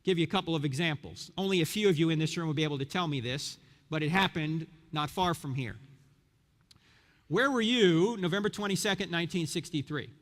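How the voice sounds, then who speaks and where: Animated man preaching in a reverberant hall. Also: a little high. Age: around 50. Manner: animated storyteller, rhetorical questions. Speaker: Christian speaker. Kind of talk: sermon-style lecture to a live audience. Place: large hall with audience.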